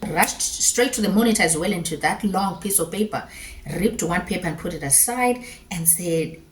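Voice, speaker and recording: A young adult woman vlogger telling a personal story to camera, heartfelt and emotional, with earnest, rushed, worried questions as she relives each moment. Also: lowish voice, animated.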